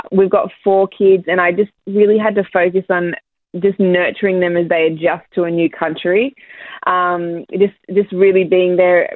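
An Australian woman talking as an interview guest in a frank, lively way with many fillers. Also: medium pitch, dry recording. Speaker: guest, music artist. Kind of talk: casual interview chat. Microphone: phone line. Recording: tinny phone line.

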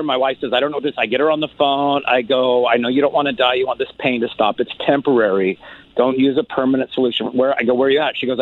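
A man who does stand-up comedy, telling an animated story and acting out his own lines in a higher voice. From California. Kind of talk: podcast guest storytelling. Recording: tinny phone-like line.

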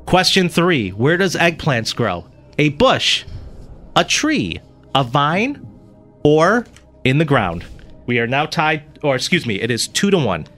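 A man's voice: a little high, slow, soft background music. A man co-hosting a radio morning show who runs a playful quiz and teases the contestants as he reads out the answers. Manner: teasing, lively, reads out multiple-choice answers.

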